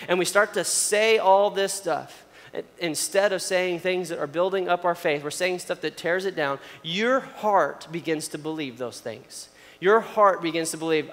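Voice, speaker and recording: Young male preacher, higher register, chatty delivery, recorded with a long echo. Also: normal speed, a bit bright. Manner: casual and conversational, acts out quoted complaints. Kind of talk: sermon. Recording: long hall reverb.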